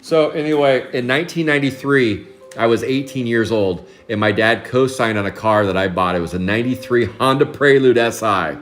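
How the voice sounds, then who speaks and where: A man's voice: medium pitch, fairly quick, a bit bright, soft background music. A man in his forties from Oregon, chatting casually on a live card break stream, telling rambling stories with frequent chuckles. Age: 40s. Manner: rambling storyteller, chuckles often.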